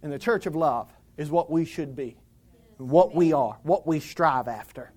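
A pastor preaching a sermon in church, moving from calm teaching into loud, fiery exhortation. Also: medium pitch, measured pace, husky.

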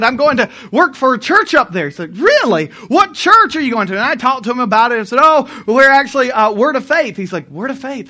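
A middle-aged man preaching a sermon and telling a personal story, moving from loud emphasis to quiet, low retelling. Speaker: pastor.

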